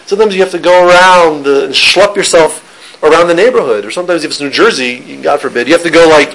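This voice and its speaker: A man's voice: fairly high pitch, fast talker, fairly bright tone, low-quality recording. Chatty man teaching a Torah class. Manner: conversational, restarts, jokes with listeners. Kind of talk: informal Torah lesson.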